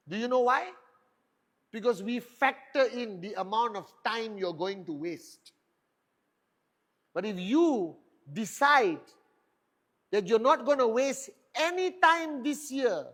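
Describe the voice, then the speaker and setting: A man gives a motivational talk in a high voice. He fires off rhetorical questions and drives each point home with emphatic punch. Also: a bit bright. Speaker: network marketing leader giving a motivational talk. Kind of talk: motivational speech.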